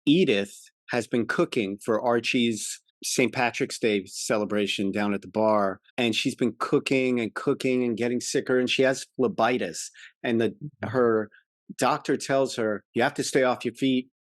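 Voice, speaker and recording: A man co-hosts a casual podcast, retelling episodes with eager, animated enthusiasm. His mid-pitched voice comes through a close mic in a dry, dead-sounding room. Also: measured pace, no echo. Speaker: podcast co-host. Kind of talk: casual classic-TV chat.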